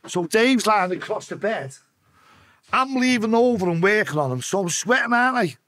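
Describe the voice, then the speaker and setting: A man's voice: high voice, expressive, normal speed, fairly bright tone. A man telling an emotional story on a podcast, speaking bluntly and swearing freely. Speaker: podcast guest. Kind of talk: emotional storytelling in casual chat.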